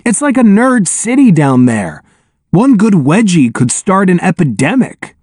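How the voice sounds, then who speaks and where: A man voicing Nussbaum, a cocky, excitable teenage boy who crows and mocks. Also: fairly high pitch, moderate pace, no echo, studio quality. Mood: crowing. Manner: crowing, mocking.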